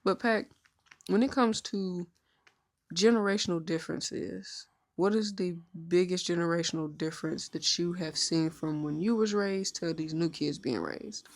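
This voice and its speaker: A woman of thirty co-hosting a podcast, telling stories in an outspoken, mostly even-toned casual chat. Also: on the low side, measured pace. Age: 30s. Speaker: podcast co-host.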